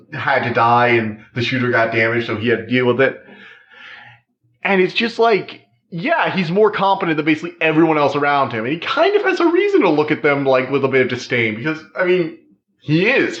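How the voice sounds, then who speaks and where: A man talks through a TV season in a loose, rambling review voice, leaning on "like" and restarting his sentences. His pitch sits in an ordinary middle range. The recording is roomy and a little dull. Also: sing-song, a little fast, a bit bright. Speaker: TV show reviewer. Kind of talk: casual spoken review.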